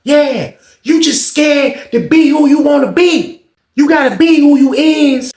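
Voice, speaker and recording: A man voicing a brash young male inmate who shouts and mocks, repeating his taunts. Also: extremely high pitch, unhurried, voice pushed up. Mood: taunting. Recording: roomy echoey room.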